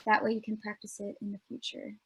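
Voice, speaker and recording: A woman's voice: medium pitch, flat delivery, fast, creaky, a bit bright, breathy edge. A young woman presenting a student speech workshop in an earnest, explanatory way, with frequent ums.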